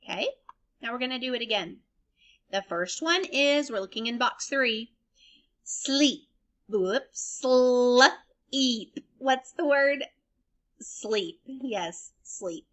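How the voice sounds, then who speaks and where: Bright-voiced teacher spelling slowly for kids. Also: female voice, fairly high pitch, lively intonation. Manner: slow, deliberate spelling and sound-blending for kids. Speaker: elementary school teacher. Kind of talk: remote phonics lesson for young children.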